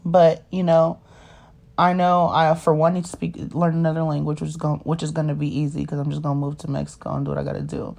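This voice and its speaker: A woman's voice: sits low, flat delivery, fast, vocal fry, darkish tone. A woman, telling her life story in a rambling, casual way and often asking "you know what I mean?". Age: 30s. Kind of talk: casual personal monologue.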